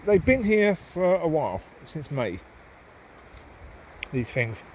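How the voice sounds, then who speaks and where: A man talks slowly as he walks his dogs in the woods, his nasal, slightly high voice swinging widely in pitch. His casual walk-and-talk monologue rambles, full of ums and calls to the dogs, over slight background noise.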